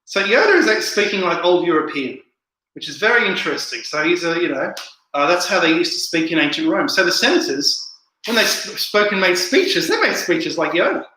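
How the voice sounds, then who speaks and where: A man chats on a home livestream, rambling from thought to thought and stumbling over repeated words as he reads out viewer comments. His voice is bright and a little high. The room around him is strongly echoey. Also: very animated, fairly quick. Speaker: livestream host reading chat. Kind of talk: casual livestream chat.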